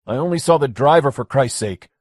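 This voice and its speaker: A man's voice: medium pitch, expressive, a little fast, no echo, studio quality, voice pushed up, close to an everyday voice. A man voicing a frightened, exasperated young man arguing with his friend. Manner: urgent, incredulous.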